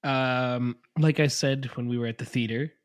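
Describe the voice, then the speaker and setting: A man with a mid-pitched voice co-hosts a gaming podcast. He chimes in agreeably and builds on points with thoughtful asides. The room sounds dry and close. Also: fairly even intonation, normal speed, smooth, dry recording. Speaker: podcast co-host. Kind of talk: casual chat.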